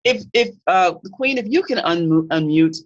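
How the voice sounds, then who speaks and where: A Kemetic faith teacher giving a live-streamed talk, earnest and digressive, often pausing to search for words. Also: medium pitch, expressive. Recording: dull lo-fi stream audio.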